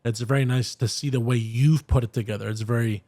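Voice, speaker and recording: A man's voice: medium pitch, fairly even intonation, a little fast, warm tone. A man hosting a podcast, chatting casually and often saying "you know what I mean". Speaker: podcast host. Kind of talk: casual chat.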